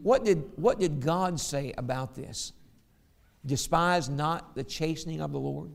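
A man's voice: on the high side, a little slow, gravelly. A middle-aged man preaching a sermon, telling stories and reading scripture aloud. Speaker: pastor.

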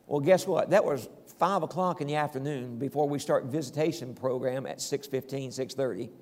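A man's voice: mid-range voice, brisk, few pauses, darkish tone, big-room sound. A man preaching a sermon as pastor, telling homespun stories and calling out to the congregation. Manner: folksy storytelling preacher, calls out "Amen?".

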